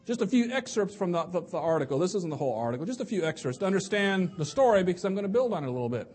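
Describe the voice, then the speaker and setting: A man's voice: sits high, big pitch swings, racing, a little mellow. A man giving an evening sermon to a congregation, talking conversationally and often restarting or repeating words. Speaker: preacher.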